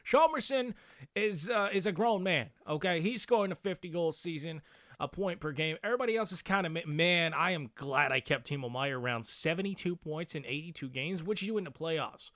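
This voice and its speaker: A man giving casual, excitable gameplay commentary, slurring his words after dental surgery and swearing casually as he hypes his team. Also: a little high, brisk, no room sound, clean studio sound. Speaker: gaming video creator.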